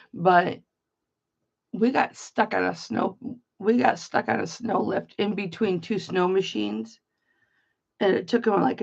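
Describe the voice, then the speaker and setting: A woman's voice: medium pitch, gravelly, breathy edge. A middle-aged woman from Michigan hosting an online auction, rambling through a story in a blunt, chatty way and swearing freely. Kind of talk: casual chatty livestream. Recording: slightly dull lo-fi stream audio.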